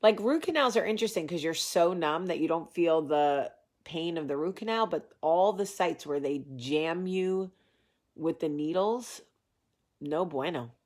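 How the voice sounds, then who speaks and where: A woman hosting a casual vlog, talking to camera in a rambling, animated way, with a sore, swollen face after dental work. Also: fairly low pitch, unhurried. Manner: chatty, rambling, animated asides. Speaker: vlog host.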